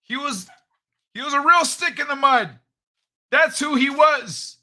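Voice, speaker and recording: A man voicing a loud, cranky old man character on a live stream, grumbling and complaining. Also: extremely high pitch, measured pace, voice pushed up, heavily acted. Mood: boastful.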